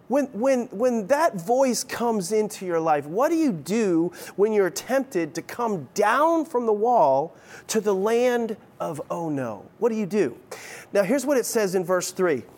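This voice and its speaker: Man, middle-aged, pastor, high voice, chatty sermon, restarts often. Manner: conversational, playful asides, frequent restarts.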